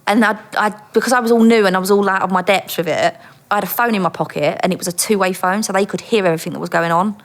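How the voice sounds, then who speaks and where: A woman who is a former undercover police officer, telling animated anecdotes as a guest and acting out the people she quotes. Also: medium pitch, fast talker. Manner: lively, acts out quoted voices, laughs often.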